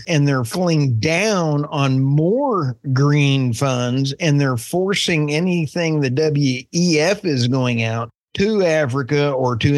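A man with an Oklahoma accent co-hosting an energy news podcast, talking in a folksy, joking, animated way. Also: on the high side, dry recording. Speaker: podcast co-host. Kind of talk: casual chat.

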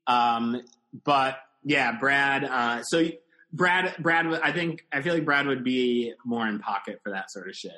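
Bright-voiced laid-back podcast host. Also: male voice, expressive. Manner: laid-back listener, quick short reactions, drops low when musing. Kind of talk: casual podcast chat.

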